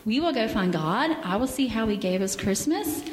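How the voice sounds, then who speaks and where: A woman with a middle-pitched voice reads a storybook to children, gentle and animated, stopping to ask them questions. She sounds far off in a big echoing hall, with faint room noise behind her. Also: moderate pace. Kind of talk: reading a picture book to children. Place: church sanctuary. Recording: echoey hall with faint ambience.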